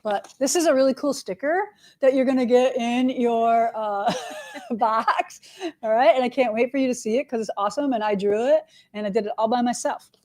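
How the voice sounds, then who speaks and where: A middle-aged woman chats through shop news on a live stream. Her voice sits a little high, and her delivery is friendly, upbeat and loose, full of "all right" and "right?" as she moves from item to item. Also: moderate pace, darkish tone. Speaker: quilt shop owner hosting a live show. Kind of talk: casual live-stream chat with announcements.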